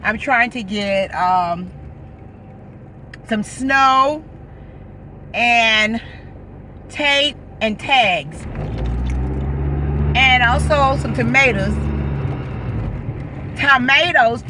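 A woman's voice: on the high side, lively intonation, slow pace, pauses often. A woman from New York City vlogging while driving, chatting playfully and upbeat and joking around in a casual way. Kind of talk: casual chat. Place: in a car, out driving. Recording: distant mic with loud road noise.

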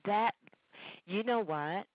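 A woman's voice: mid-range voice, slow, no room sound. A woman interviewer, a supportive listener who answers with short replies. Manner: supportive listener, brief backchannels. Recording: dry, dull lo-fi audio.

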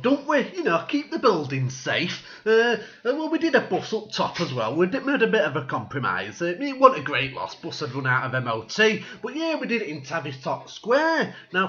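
A man rants through a satirical comedy monologue, sarcastic and full of swearing. His voice sits high and bright and swings widely in pitch. The recording sounds dull and lo-fi. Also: echoey room.

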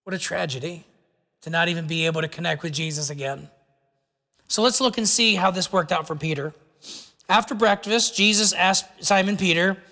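Pastor guy preaching, high bright voice, big reverby church hall. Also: gravelly. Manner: earnest, slows down to stress words. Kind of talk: sermon. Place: church sanctuary.

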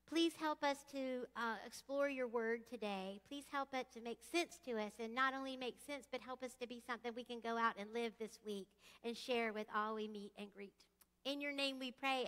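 A woman preaching a casual, chatty sermon in a church sanctuary, leading her congregation through prayer and questions. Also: high-pitched. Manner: chatty, animated, leads call-and-response singing. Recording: echoey church hall.

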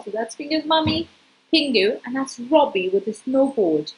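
A woman's voice: sits high, normal speed, low-quality recording. Sing-song woman reading to a child. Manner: lively, sing-song, talks directly to a young child. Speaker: storyteller. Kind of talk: reading a picture book aloud to a child.

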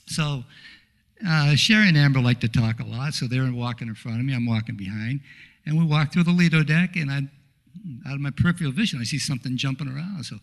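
A man's voice: mid-range voice, fast talker, vocal fry. Middle-aged man telling a funny story. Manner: anecdotal and humorous, with frequent uh fillers. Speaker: guest speaker at a congregation. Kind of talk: storytelling in a church talk.

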